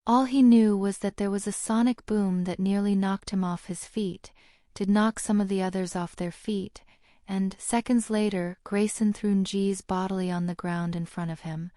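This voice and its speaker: A woman with a mid-range voice narrates a fantasy audiobook at a moderate pace, telling the scripted story steadily. The recording is clean studio sound with no room echo.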